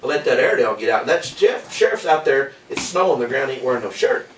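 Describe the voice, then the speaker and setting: A man's voice: medium pitch, animated, fast talker. A man, spinning a folksy yarn at a party in rural slang. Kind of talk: casual storytelling at a party. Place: indoor room with a group. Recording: echoey room, distant mic, noisy.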